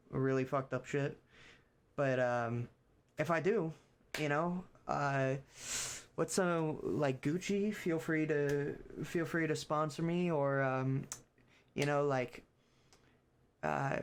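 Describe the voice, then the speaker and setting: A man's voice: on the high side, slight background noise. A young man streaming, rambling casually with frequent swearing and loose storytelling. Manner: rambling, many fillers and restarts, swears casually. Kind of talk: casual chat.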